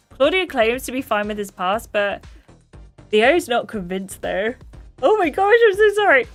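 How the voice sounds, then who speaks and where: A woman's voice: medium pitch, fairly bright tone. A woman streaming a story game, reading its dialogue aloud and chatting with her viewers, often apologizing for her slips.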